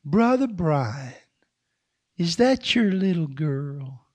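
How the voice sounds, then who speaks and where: A man voicing a stooped, elderly male preacher who speaks slowly and quietly in prayer within a sermon. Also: fairly high pitch, very animated, no room sound, pitched above the performer's own voice, exaggerated voice. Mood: kindly.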